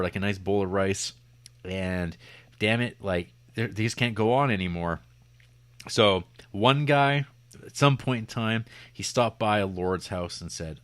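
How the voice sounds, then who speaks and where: Brief: male podcast co-host, low voice, rambling and jokey, dry close-mic sound. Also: dry recording. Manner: rambling, jokey, lots of fillers and restarts. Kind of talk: casual film review chat.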